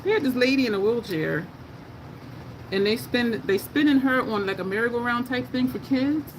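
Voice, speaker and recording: A woman doing a makeup tutorial, chatting in a casual, expressive way and often laughing as she talks to her viewers. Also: a little high, normal speed. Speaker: makeup vlogger. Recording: noticeable background noise.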